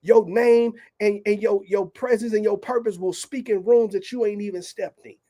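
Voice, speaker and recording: A man shares a faith testimony as a guest author, telling it like an animated storyteller with plenty of casual slang. His voice sits high and sounds dark and mellow in tone. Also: moderate pace.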